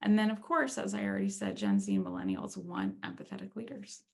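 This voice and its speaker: Woman with gravelly voice giving webinar talk. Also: on the low side, huge pitch swings, a little fast, a little mellow. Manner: conversational, frequent fillers. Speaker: speaker on leadership and empathy.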